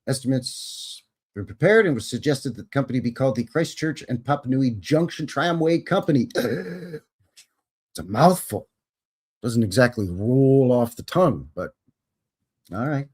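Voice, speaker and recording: Guy hosting a live show, reads old history stuff then throws in snarky little asides, mid-pitched voice. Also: animated, moderate pace, darkish tone, breathy edge. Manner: wry, sarcastic ad-libs between read passages; self-correcting, chatty. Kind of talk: reading history aloud with casual asides.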